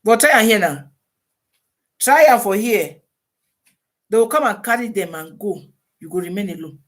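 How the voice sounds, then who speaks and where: A woman with a Nigerian Pidgin English accent, hosting a casual live-stream advice talk, animated and full of rhetorical questions. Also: mid-range voice, moderate pace.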